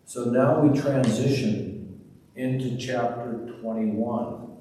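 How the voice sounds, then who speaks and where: A pastor delivers a slow, deliberate sermon and retells scenes with drama. His voice carries through a long, reverberant church hall. The mic sits well away from him, with faint room ambience behind. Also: medium pitch, warm tone, distant mic, a little hiss or hum.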